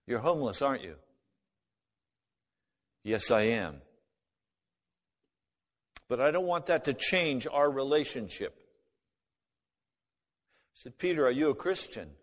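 A man's voice: medium pitch, sing-song, takes it slowly, pauses often. Man telling a testimony in a reverberant hall. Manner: acts out both sides of remembered conversations. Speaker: speaker giving a personal testimony. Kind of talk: spoken testimony storytelling.

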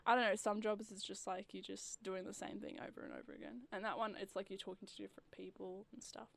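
A young woman chatting casually on the radio, full of "like" fillers and quick impressions of customers. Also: medium pitch, flat delivery, creaky. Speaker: guest.

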